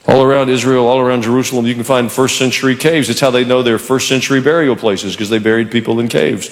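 A male pastor preaching a sermon in a church, animated and conversational with touches of humor. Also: medium pitch, quick pace, long reverb tail.

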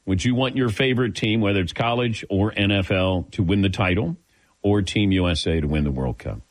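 A lowish, fairly quick voice belongs to a middle-aged sports talk radio host from the Midwest who chats casually and tells stories with a chuckle. He's recorded on a studio microphone with no echo.

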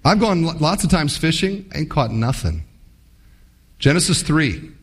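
Animated folksy preacher, man. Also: a little high, a little slow, slightly rough. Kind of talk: sermon with storytelling. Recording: long hall reverb.

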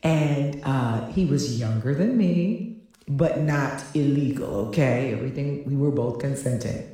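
A woman's voice: very deep voice, a little slow, mellow. A woman co-host reading out a chatty diary story, laughing often and acting out the people she quotes. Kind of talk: storytelling segment. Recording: roomy echo, somewhat off-mic.

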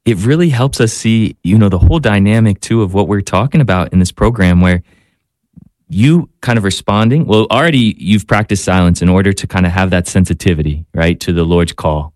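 Priest guest, man, fairly low voice, halting and thoughtful, dry studio. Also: a little mellow, no room sound. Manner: halting, searching for words with many restarts. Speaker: priest and spiritual director guest. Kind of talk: radio talk show conversation.

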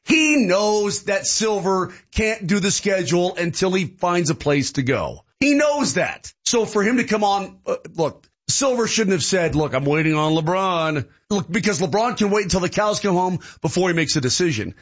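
A man's voice: sits high, expressive, normal speed, hardly any pauses, slightly rough. A man co-hosting sports talk radio, emphatic and repeating himself as he argues. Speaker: radio co-host. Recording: lo-fi radio broadcast.

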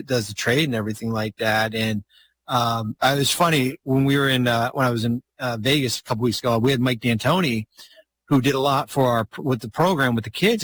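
A man's voice: mid-range voice, a bit bright. A middle-aged man telling a long story in a casual podcast chat, rambling with many restarts and fillers. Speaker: guest storyteller, former basketball executive.

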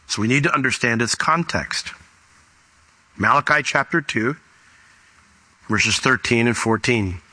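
A man's voice: mid-range voice, a little slow, long pauses, sharp tone. A man preaching a sermon, reading scripture aloud and explaining it verse by verse. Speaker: pastor.

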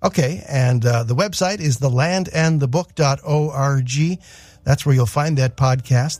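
A man's voice: mid-range voice, a little slow, darkish tone, no room sound. A man co-hosting a radio program, reading promos and contact details in a friendly, upbeat way into a studio microphone. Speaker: radio co-host and announcer. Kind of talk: radio announcing.

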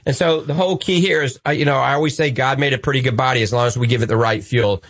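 A man's voice: medium pitch, fast, fairly bright tone, dry recording. A man with a New Orleans accent hosting a call-in radio show, upbeat and preachy, joking with callers. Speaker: radio host.

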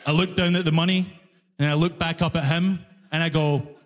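A man from Glasgow with a Glaswegian Scottish accent telling an animated stand-up story, acting out both sides of an argument on a large hall stage. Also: a little high, a little fast. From Glasgow, Scotland. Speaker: stand-up comedian. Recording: live hall reverb.

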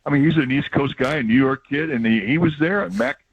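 An older male baseball broadcaster chatting on the radio, reflective and rambling, with a husky voice. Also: medium pitch, quick pace, no echo. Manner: reflective, rambling storyteller with laughs. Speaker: baseball broadcaster, regular guest. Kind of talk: emotional casual radio chat. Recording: dull lo-fi radio audio.

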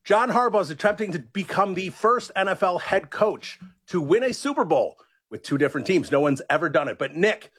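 A man's voice: sits high, animated, brisk, breathy edge. A man who is a radio show's producer, out of breath and upbeat as he reads a trivia question. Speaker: executive producer, trivia segment. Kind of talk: casual sports talk radio.

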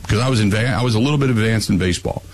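A man's voice: lowish voice, very fast, rough recording. A man hosting a call-in talk radio show, rambling bluntly with frequent restarts.

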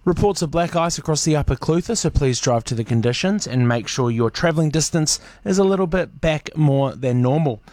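A man's voice: a little high, animated, fairly quick, hardly any pauses, a little mellow, no room sound. A man hosting breakfast radio, chatty, playful and self-mocking. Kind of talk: casual radio chat.

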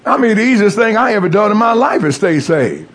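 Husky high-voiced male preacher. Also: sing-song, fairly quick. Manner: call-and-response preaching, rising and falling emphasis. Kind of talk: sermon testimony.

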